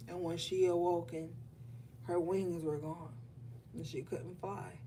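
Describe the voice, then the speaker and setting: Slow, soft-spoken woman giving an emotional reading. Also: lowish voice. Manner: emotional, affirming, speaks directly to viewers. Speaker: tarot reader. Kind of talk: spiritual reading to viewers. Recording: distant mic with faint room noise.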